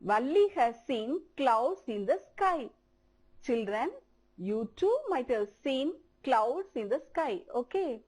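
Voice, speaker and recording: Slow, lively Indian English teacher woman. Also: high-pitched. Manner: slow, drawn-out, repeating words for children to copy. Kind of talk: televised primary-school English lesson.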